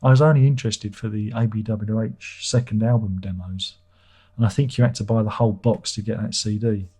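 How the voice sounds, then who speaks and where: Husky, mellow-voiced man on a livestream. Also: fairly low pitch, steady tone, fairly quick. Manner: irreverent, joking, swears freely. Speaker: livestream host. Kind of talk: casual livestream chat reading viewer comments.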